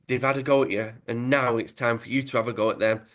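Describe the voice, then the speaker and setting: A man's voice: mid-range voice, steady tone, fast, fairly bright tone, close to an everyday voice. Brief: direct, rousing male football manager, read by a man.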